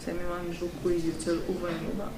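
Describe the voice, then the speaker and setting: A man's voice: high-pitched, completely flat delivery, quick pace. A man interviewing a comedian casually, asking playful questions and laughing along. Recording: echoey room, clear background noise.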